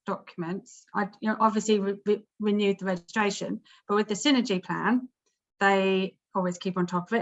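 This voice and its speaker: A woman's voice: medium pitch, a bit bright, lo-fi sound. An Australian woman asking a question on a casual video call, chatty and a little hesitant. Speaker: club member. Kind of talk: casual chat.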